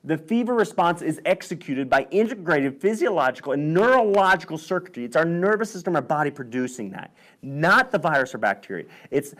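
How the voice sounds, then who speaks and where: A man's voice: on the high side, lively intonation, fairly quick, a bit bright. A man hosting a health vlog who reads from studies and talks emphatically, getting worked up as he goes. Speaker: host.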